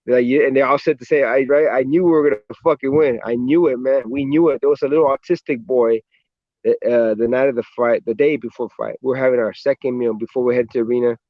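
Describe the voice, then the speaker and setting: An American boxer tells his stories in a relaxed, easygoing way, swearing freely and ending lines with "man". His voice sits at a mid pitch and sounds close and dry. It comes through the dull, muffled sound of a video call. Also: quick pace, no room sound. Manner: laid-back storyteller, swears a lot, says "man" often. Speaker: professional boxer, interview guest. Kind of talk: casual interview chat.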